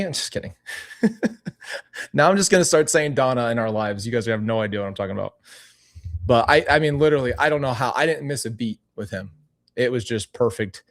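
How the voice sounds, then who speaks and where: A man hosting his own channel in a casual livestream chat, rambling and telling animated stories. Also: medium pitch. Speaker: channel host.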